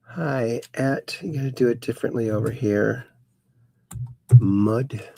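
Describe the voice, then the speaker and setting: A man hosting a casual livestream, slowly reading chat messages aloud with sudden bright upswings. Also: mid-range voice, background noise. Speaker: host.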